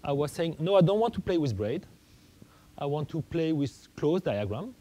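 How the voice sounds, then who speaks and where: Halting male math lecturer, mellow voice. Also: fairly high pitch, very animated, rough recording. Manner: halting, many restarts and fillers, thinking aloud.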